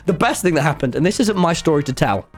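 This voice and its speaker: Excitable man streaming. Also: a little high, brisk, loud music behind the voice. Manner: excitable and rambling, with many restarts. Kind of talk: casual storytelling to a live chat.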